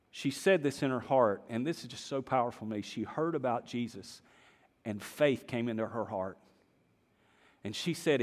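A male pastor preaching a sermon, telling the story with acted-out voices and swinging between hushed and loud delivery. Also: mid-range voice. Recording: long reverb of a large hall.

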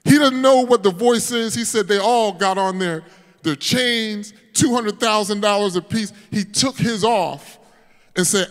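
A man with a high, bright pitch preaches to his congregation, telling a conversion story. He swells from hushed narration into shouted, sing-song peaks. His voice rings out with a long hall echo, as in a church sanctuary. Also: a little slow. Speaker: pastor. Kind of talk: sermon.

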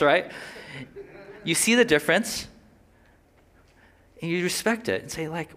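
A pastor delivers a sermon in a loose, talkative manner. His voice sits a little high for a man, and he breaks off into quick asides and short laughs. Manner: animated, conversational preaching with quick asides and laughs.

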